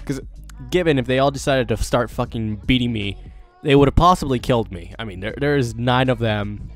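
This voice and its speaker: A man's voice: medium pitch, brisk, soft background music. A teenage boy telling a story casually to camera as a vlogger, rambling and swearing with lots of fillers.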